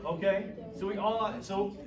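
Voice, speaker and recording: A man with a fairly high voice leads a group of children, cheering them on and asking them questions. He sounds far from the mic in an echoey room. Children can be heard around him, and the sound is a bit dull. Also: fairly even intonation, measured pace, a crowd in the background. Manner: encouraging, asks the kids lots of questions. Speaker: children's program host. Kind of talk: leading a children's group lesson.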